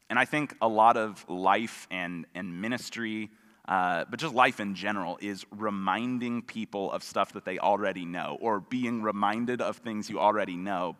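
Male pastor, low bright voice, easygoing sermon delivery, long hall reverb. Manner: relaxed, conversational, with self-deprecating humor.

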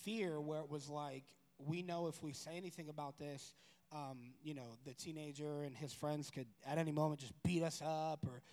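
A man telling a personal story in a casual, rambling way, correcting himself and growing animated. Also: fairly high pitch, moderate pace. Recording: long room reverb.

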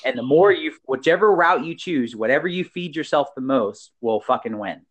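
A young man hosts a podcast, talking casually and swearing freely. He is animated and breaks into laughter often. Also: mid-range voice, normal speed, slightly rough, muffled recording. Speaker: podcast host.

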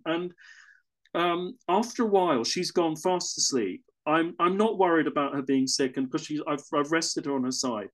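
Lively rambling Englishman telling a story. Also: on the high side, moderate pace. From England. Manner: rambling, self-correcting, with chuckles. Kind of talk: casual personal anecdote.

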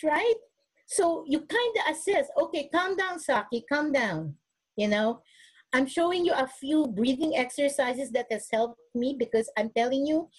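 A nurse with a high, darkish, husky voice speaks earnestly at a webinar, demonstrating self-care techniques and often restarting her sentences. The webinar recording sounds rough.

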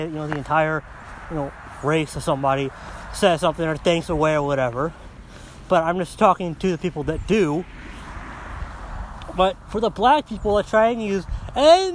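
A man's voice: high voice, slight background noise. A man hosting a podcast, delivering a coarse, heated monologue full of swearing, recorded on a phone outdoors. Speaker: podcast host. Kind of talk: profane ranting monologue.

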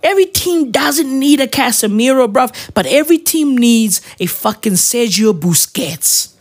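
Slangy, swearing football fan ranting. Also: male voice, very high voice, a little slow. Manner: animated, slangy, swearing, repeats "right?" and "bruv". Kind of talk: casual football rant.

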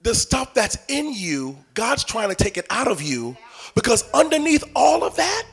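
Pastor guy preaching, aave, voice jumps all over, loud then hushed. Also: very high voice, moderate pace, vocal fry, husky. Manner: animated preaching, swinging from loud calls to hushed asides. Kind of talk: sermon.

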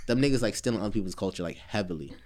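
A man of Haitian and Cuban background hosting a podcast, telling stories in a joking, animated way. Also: on the low side, very fast, background noise. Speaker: podcast host. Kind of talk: casual chat.

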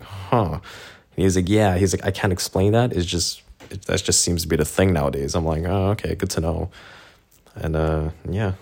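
A man's voice: deep voice, darkish tone. A man casually recounting a trip, retelling conversations in a chatty way and acting out the quoted lines. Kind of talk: casual storytelling.

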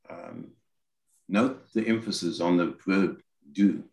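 A man's voice: deep voice, takes it slowly, creaky, darkish tone. A man preaching a sermon, explaining scripture and voicing quoted lines as he goes. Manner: expository, quotes scripture in acted asides. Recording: roomy echo.

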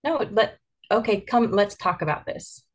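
A woman's voice: medium pitch, normal speed, husky. A mother in an earnest, candid podcast conversation, telling stories and reflecting on how she raises her kids.

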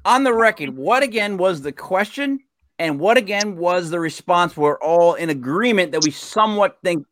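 A man's voice: sits high, animated, moderate pace, a bit bright, dry recording. A man, a guest, chatting in a jokey, playfully suspicious way. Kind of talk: casual chat.

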